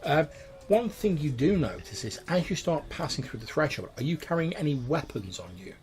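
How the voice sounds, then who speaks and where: A man's voice: on the high side, sing-song, normal speed, a little mellow. A man acting as game master, narrating a tabletop game in a casual way with many fillers.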